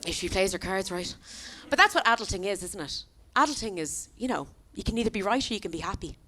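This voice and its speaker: A woman's voice: medium pitch, fast, a little hiss or hum. An Irish woman in her thirties performing a stand-up comedy set, telling stories and acting out the voices of the people in them. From Ireland. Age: 30s. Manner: animated storytelling, acts out quoted voices. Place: comedy venue stage.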